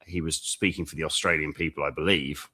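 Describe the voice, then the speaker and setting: A man co-hosting a casual podcast, telling stories in a lively, joking way and laughing at his own lines. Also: rumbling low, fast, husky. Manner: animated storyteller, laughs at own jokes. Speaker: dating coach podcast co-host.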